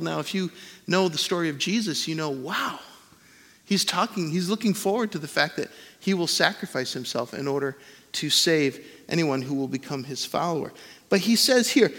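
A man with a slightly high, bright and forceful voice delivers a sermon with earnest, emphatic stresses. His words ring out with a long reverb, as if in a big church sanctuary. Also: lively intonation, moderate pace. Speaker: pastor.

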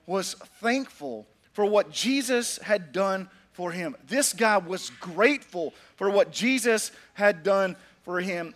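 A man's voice: very high voice, a bit bright. A man preaching a sermon, emphatic and repetitive, who tells stories with humor. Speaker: pastor.

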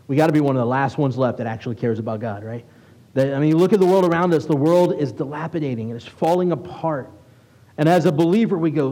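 Rabbi guy giving a sermon, mellow voice on the higher side, chats with the crowd, reads scripture slow. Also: rough recording. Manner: conversational, asks the congregation questions; reads scripture aloud slowly and deliberately.

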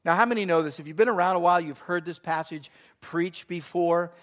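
A man's voice: on the high side, brisk, fairly bright tone. A middle-aged man preaching a sermon in church as pastor, earnest and mixing in joking asides.

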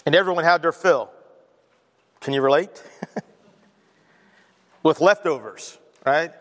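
A man's voice: fairly high pitch, slow, fairly bright tone, big-room sound. A man preaching a sermon to his congregation, mixing scripture reading with chatty asides, then leading a prayer. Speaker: pastor. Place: church sanctuary.

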